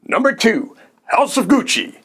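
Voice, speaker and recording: A man's voice: extremely high pitch, sing-song, measured pace, a bit bright, slightly rough. A man giving a crude, exasperated comedy rant as a movie reviewer.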